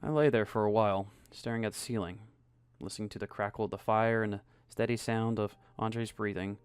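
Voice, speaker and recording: A man narrating a scripted first-person story in a soft, even storytelling voice. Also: fairly low pitch, fairly quick, clean tone, dry recording, studio quality. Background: faint music.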